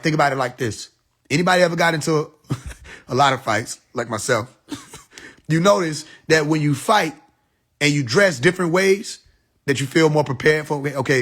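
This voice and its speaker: A man's voice: fairly high pitch, fairly bright tone. A man hosting a live stream, talking in a preachy, profane monologue and laughing at his own jokes.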